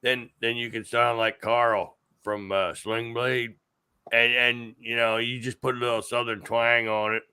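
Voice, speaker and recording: A man's voice: mid-range voice, level tone, measured pace, bright, forceful tone, clean tone, dry recording. A man in his forties co-hosting a podcast, chatting in a teasing, playful way. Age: 40s. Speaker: podcast co-host. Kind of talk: casual podcast chat.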